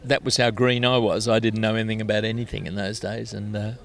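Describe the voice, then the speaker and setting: A man's voice: lowish voice, flat delivery, fast talker, vocal fry. Older aussie guy chatting outdoors, telling old music stories, laughs at himself. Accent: Australian. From Australia. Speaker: guest musician. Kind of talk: casual interview storytelling.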